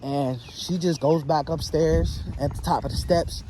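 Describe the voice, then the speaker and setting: A man casually narrating a spooky storytime tale in a relaxed, conversational way, with drawn-out fillers between beats. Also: fairly high pitch, background noise.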